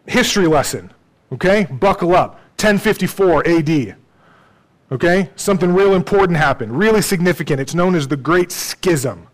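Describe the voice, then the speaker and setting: A man's voice: a little high, poor audio. A man preaching a sermon in a conversational way, often checking in with his congregation and using dry, self-deprecating humor. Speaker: pastor.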